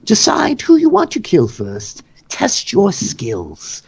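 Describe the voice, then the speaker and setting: A man voicing a courteous but menacing male noble official, speaking in a smooth, mock-gracious manner. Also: high-pitched, wildly swooping pitch, slow, pitched above the performer's own voice, heavily acted. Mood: ceremonial.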